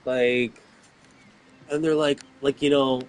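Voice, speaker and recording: A man's voice: medium pitch, steady tone, slow pace, a little hiss or hum. A man, rambling about his life with lots of fillers and swearing when worked up. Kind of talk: rambling personal talk.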